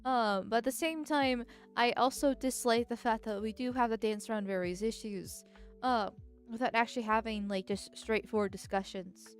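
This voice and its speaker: A woman's voice: fairly high pitch, fairly even intonation, normal speed, soft background music. Stuffy-nosed, blunt woman streamer. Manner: blunt and direct. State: stuffy nose. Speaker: live streamer. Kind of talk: casual live-stream chat.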